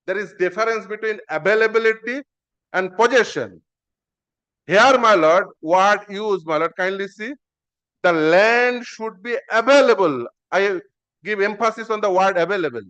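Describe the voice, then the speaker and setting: A man argues his case in a courtroom. He is formal and deferential, and he keeps addressing the bench as "my lord." His voice is smooth and a little high, and the live-stream audio sounds dull and muffled. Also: normal speed, sharp tone. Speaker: petitioner arguing in court. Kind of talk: courtroom argument.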